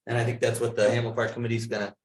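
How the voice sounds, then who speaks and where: A man's voice: mid-range voice, monotone, rapid-fire. Man talking in a roomy meeting hall. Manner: conversational, tells anecdotes. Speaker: village board member. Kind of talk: meeting discussion. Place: village meeting room. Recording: roomy meeting hall with faint background noise.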